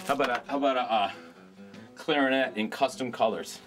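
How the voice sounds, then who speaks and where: A man pitching instruments from his music store in a brash, ranting hard-sell style, swinging between shouts and mutters. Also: a little fast.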